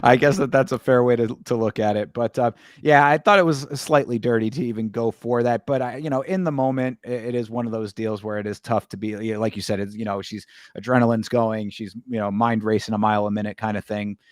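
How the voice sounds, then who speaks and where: A man's voice: lowish voice, steady tone, fairly quick, hardly any pauses, no echo, clean studio sound. A man co-hosting a casual fight breakdown, easygoing and agreeable, with many hedges. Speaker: co-host.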